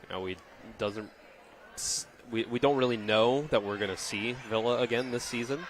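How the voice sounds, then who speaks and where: A man giving relaxed, thoughtful color commentary on a volleyball match. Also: mid-range voice, normal speed, noisy background. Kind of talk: sports analysis.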